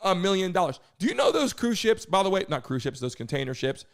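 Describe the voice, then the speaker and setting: A man hosting a live stream, hyping the chat, shouting out viewers and talking loosely with some swearing. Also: high voice, wildly swooping pitch, fast, creaky. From United States.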